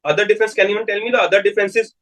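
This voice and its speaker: A man's voice: high-pitched, level tone, very fast, fairly bright tone, low-quality recording. A man with an Indian English accent giving a live medical lecture, repeating key terms and putting questions to his students.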